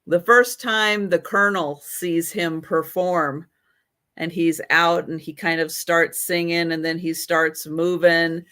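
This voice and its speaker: A woman's voice: on the low side, steady tone, slow pace, fairly bright tone. A woman hosting a live vintage sale, chatting casually and rambling with restarts. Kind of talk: casual live-stream chat.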